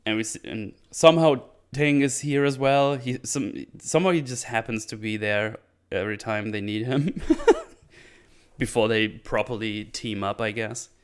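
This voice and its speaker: Smooth-voiced man recapping a film casually. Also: lowish voice. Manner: rambling, swears freely, puts on quick voices for characters. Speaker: film reviewer.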